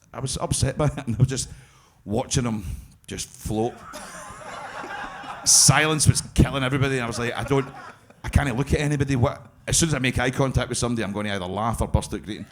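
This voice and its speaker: A Scottish man from Glasgow tells stories at a live podcast show. He swears freely, laughs through his own stories and keeps stumbling into fresh starts. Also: medium pitch. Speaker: guest storyteller.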